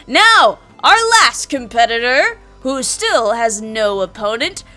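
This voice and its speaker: A woman voicing a loud, brash male fight announcer at a tabletop game. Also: on the high side, very animated, slow pace, faint music behind, full character voice. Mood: showy. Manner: bellowing showman, half-hearted.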